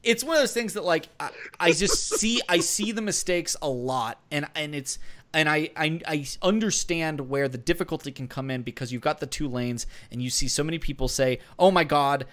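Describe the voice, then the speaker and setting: A man's voice: fairly high pitch, moderate pace, a bit bright. A man co-hosting a gaming podcast, giving casual strategy advice in a rambling way with many fillers and restarts. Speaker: podcast co-host.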